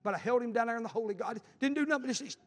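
Middle-aged male pastor, high-pitched, fervent, preaching in a reverberant church. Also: rapid-fire. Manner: fervent, builds to shouting. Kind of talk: sermon. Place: church sanctuary. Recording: long hall reverb.

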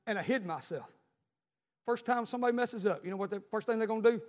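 A male pastor preaching a sermon in a church, fervently crying out and shouting in bursts. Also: sits high, long reverb tail.

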